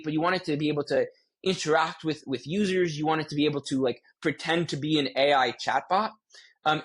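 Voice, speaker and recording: A man's voice: on the high side, a bit bright. A man guesting on a podcast, explaining things casually and playfully. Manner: playful, informal, uses silly analogies.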